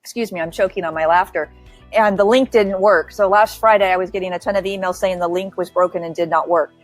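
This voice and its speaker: A woman's voice: lowish voice, steady tone, a little fast, faint music behind. A woman hosting a webinar, talking in a direct, upbeat and chatty way. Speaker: webinar host. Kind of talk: casual webinar chat.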